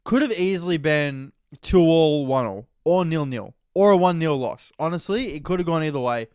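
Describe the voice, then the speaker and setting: A man's voice: a little high, normal speed, darkish tone, smooth, dry recording, clean studio sound. A man with an Australian accent hosting a solo podcast in rambling, crude, jokey casual chat. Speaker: podcast host.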